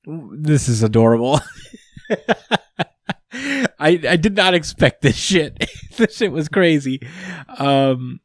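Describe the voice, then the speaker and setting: A man's voice: on the high side, very animated, slow pace, long pauses, no room sound, clean studio sound. A man hosting a podcast, recapping a comic chapter in casual chat, rambling with many fillers and frequent chuckles. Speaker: podcast host.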